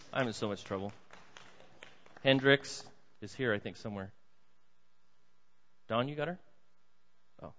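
An older man preaching a sermon, reading scripture dramatically and dropping to soft, chatty asides. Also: medium pitch. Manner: lively, swings between loud dramatic reading and soft asides. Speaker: pastor. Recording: dull sound in a big reverberant hall.

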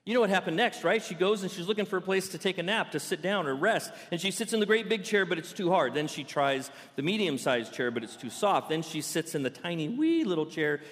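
A man's voice: high-pitched, a little fast, few pauses. Playful preacher man in a reverberant church. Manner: playful, animated storytelling preacher. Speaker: pastor. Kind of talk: sermon. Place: church sanctuary.

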